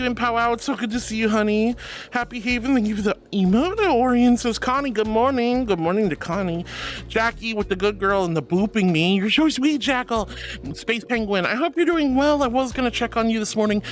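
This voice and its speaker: A woman's voice: fairly high pitch, fairly quick. A woman streamer chatting casually with viewers, playful and giggly, calling them sweetie and honey. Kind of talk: casual chat reading out viewer messages. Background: faint background music.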